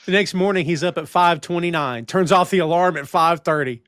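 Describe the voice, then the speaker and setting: A man's voice: on the high side, fairly quick, no room sound, clean studio sound. A man hosting a casual review podcast, recapping scenes and acting out the characters' lines as he goes. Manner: animated recapping, acts out quoted lines. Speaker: podcast host.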